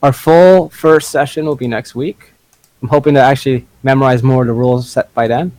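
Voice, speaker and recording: A man's voice: medium pitch, fairly even intonation, a little fast, a little mellow, no echo. A man running a tabletop game as game master, moving between casual rules talk and dramatic narration.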